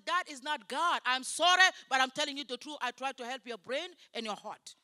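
Woman preaching, high bright voice, emphatic, broken English, dry close sound. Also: lively intonation, a little fast, hardly any pauses, no room sound. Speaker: guest preacher. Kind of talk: sermon.

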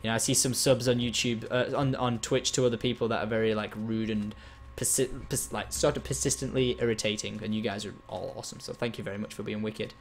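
A man giving excitable live gameplay commentary as a game streamer, chatting with and thanking his viewers. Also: on the low side, fast talker, a little hiss or hum.

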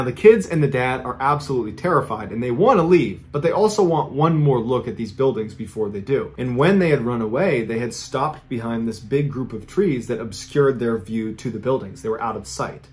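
Man narrating spooky true stories. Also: medium pitch. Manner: dramatic, conversational storytelling. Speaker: host.

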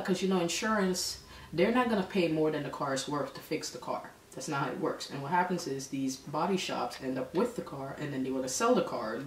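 A woman telling a story in a casual vlog, animated and exasperated. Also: low voice, a little fast. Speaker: vlogger. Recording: echoey room, mic at a distance, faint background noise.

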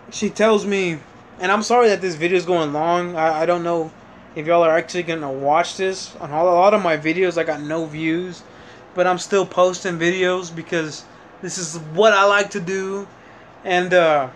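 A man's voice: sits high, fairly bright tone, slight background noise. A young man telling a rambling personal story in a casual vlog, full of fillers, self-corrections and the odd swear word. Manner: occasional swearing. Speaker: vlogger.

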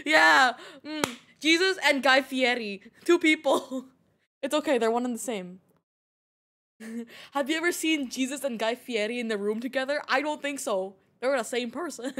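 Brief: young woman streamer, slightly high voice, laughs often, joking with chat. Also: lively intonation, moderate pace, fairly bright tone. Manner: giggly, playful, teasing chat. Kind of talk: casual gaming live-stream chat.

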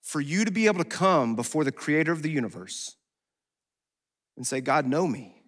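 A man pastor preaching a sermon in a conversational, animated way, acting out quotes as he goes. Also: a little high, normal speed. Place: church sanctuary. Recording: long hall reverb.

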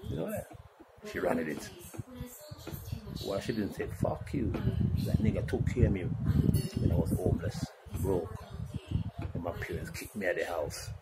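A man's voice: low-pitched, lively intonation, normal speed, long pauses. A man delivering a profane, rambling monologue about his life. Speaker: musician telling his story. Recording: loud background noise.

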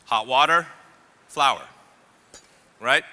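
A man's voice: mid-range voice, very slow, pushed and bright. A chef talking a crowd through a live cooking demonstration, chatty and joking as he goes. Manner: joking, chatty, audience-engaging. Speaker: celebrity chef. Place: trade show demo stage. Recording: echoey hall with faint ambience.

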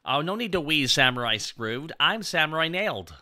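Bright, lively goofy male streamer. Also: on the high side, normal speed, no room sound, studio quality. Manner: goofy, self-mocking, reads out chat. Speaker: VTuber streamer. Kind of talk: casual livestream chat.

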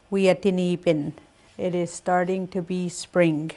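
Older woman, language teacher, low-ish voice, very slow, repeats each word. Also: level tone, mellow. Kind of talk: slow spoken language lesson.

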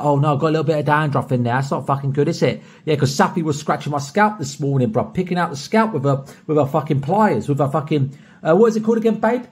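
A young British man recording a personalized video shoutout, boisterous and heavily profane, swinging from soft to loud. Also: a little high, husky. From Britain. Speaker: streamer recording a paid shoutout.

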